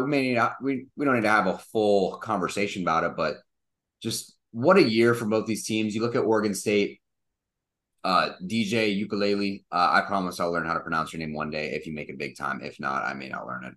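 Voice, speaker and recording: A young man co-hosting a casual sports podcast, mocking and animated, acting out quotes as he rants. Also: on the low side, brisk. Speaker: podcast co-host.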